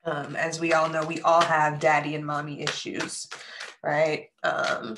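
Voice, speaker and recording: A woman giving a general tarot reading to her viewers, earnest and heartfelt, often checking in with "right?" and soft hums between thoughts. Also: low voice, monotone, measured pace, noisy background. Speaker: tarot reader.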